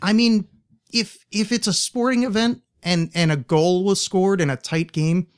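Young guy podcast host rambling on, kinda sardonic, swears a lot, voice sits a bit high. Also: moderate pace. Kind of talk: casual chat.

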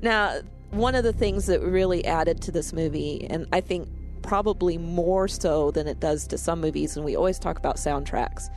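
A woman's voice: lowish voice, normal speed, a little mellow, soft background music. A woman co-hosting a casual film review chat, talking in a chatty way with frequent laughs and restarts. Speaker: podcast co-host.

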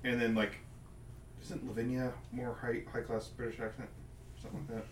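A man's voice: mid-range voice, flat delivery, a little fast. A man chatting casually on a podcast, rambling with many fillers. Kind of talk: casual chat. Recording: roomy, distant mic, faint hum.

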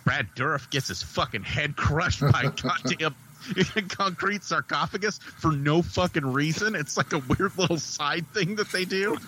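A man co-hosting a podcast, reviewing a movie in a rambling, profane, excitable way. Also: a little high, moderate pace, few pauses, slight background noise, low-quality recording. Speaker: podcast co-host. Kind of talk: casual movie review chat.

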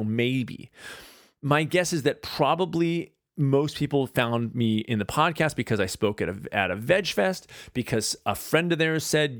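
A man's voice: medium pitch, dry recording. Man, podcast host, casual solo monologue, rambling and chatty, dry close sound. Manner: chatty, rambling, animated asides.

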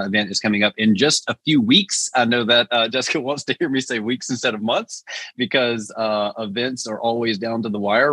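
A man's voice: mid-range voice, sharp tone, husky, dry recording. A man hosting an interview podcast, eager and chatty, often stumbling and restarting his sentences. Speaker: podcast host. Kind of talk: conversational interview.

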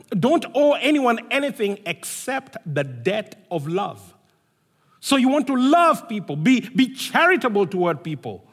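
A man preaching a sermon, reading scripture and acting out dialogue in an animated way. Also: sits high. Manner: animated storytelling with voiced dialogue. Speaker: pastor. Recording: long reverb of a large hall.

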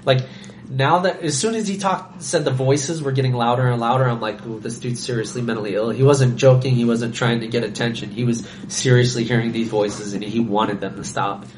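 A young man chatting on a podcast as a guest, telling an animated story and acting out the voices of the people in it. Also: medium pitch, fairly quick, a little hiss or hum. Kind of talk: casual chat, storytelling.

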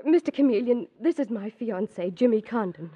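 A woman's voice: on the high side, animated, moderate pace, mellow, husky. An actress playing a nervous, fluttery young woman secretary in 1940s radio acting style. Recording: dull old radio recording.

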